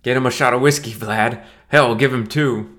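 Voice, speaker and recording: A man's voice: mid-range voice, steady tone, normal speed, pitched above the performer's own voice, lightly acted. A man voicing a jovial, teasing father of the bride who calls out heartily. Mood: hearty teasing. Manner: hearty, calling loudly through a door.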